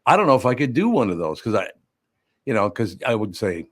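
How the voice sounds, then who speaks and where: Male talk radio host, deep voice, dry close mic, blunt joking banter. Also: expressive, fairly quick, husky, no room sound. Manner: joking, blunt, teasing co-hosts. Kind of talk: casual talk show banter and read ad.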